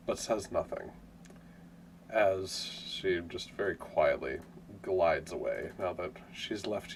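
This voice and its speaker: A man's voice: low-pitched, creaky, a little hiss or hum. A man running a tabletop game as game master, narrating casually with hedges.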